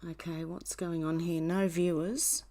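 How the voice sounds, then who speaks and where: Aussie lady chatting on her stream, slow and easygoing, says hi to everyone. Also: on the low side, flat delivery, mellow. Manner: chatty, greets viewers by name, frequent ums and laughs. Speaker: livestream host. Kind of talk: casual livestream chat.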